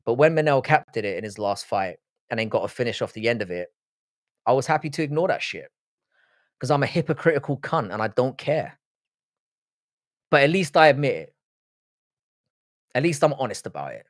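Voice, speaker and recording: This man hosts a laid-back livestream, reading out comments and replying in a blunt, sweary way; he's from Ireland but grew up in Britain and speaks with an English accent. His pitch swings widely around a mid-range voice, he talks a little fast with frequent pauses, and the sound is clean studio audio without echo.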